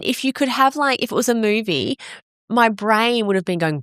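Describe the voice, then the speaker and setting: A woman's voice: a little high, a little fast, a bit bright, dry recording, clean studio sound. A woman in her forties, a fitness coach, talking frankly and swearing freely in a candid personal monologue. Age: 40s.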